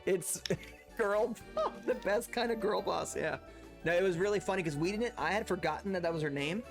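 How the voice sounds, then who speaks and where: A man's voice: high voice, moderate pace, gravelly, soft background music. A man chatting casually while streaming a video game, laughing often and rambling into asides. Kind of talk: casual gameplay chat.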